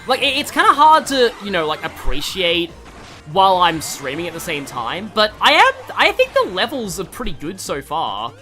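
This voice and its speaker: An Australian streamer rambles through casual gaming commentary, quick to poke fun at themself. The voice is bright and moves lively up and down, over faint game music. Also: mid-range voice. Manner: rambling, self-deprecating, many fillers.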